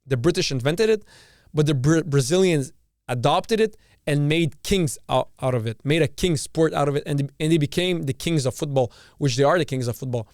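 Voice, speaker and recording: A man's voice: fairly high pitch, moderate pace, darkish tone, no echo, studio quality. Ranting, profane male podcast host. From Canada. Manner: ranting, profane, repeats and restarts phrases. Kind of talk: casual opinion monologue.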